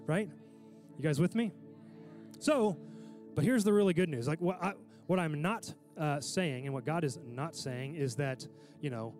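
A man's voice: on the high side, darkish tone. A man preaching a sermon in a casual, conversational way, often checking in with his listeners.

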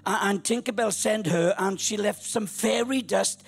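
Earnest little girl, pleading, repeats herself, grandpa preacher doing her voice, husky. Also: high-pitched, moderate pace, soft background music. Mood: eager. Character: earnest eight-year-old granddaughter girl.

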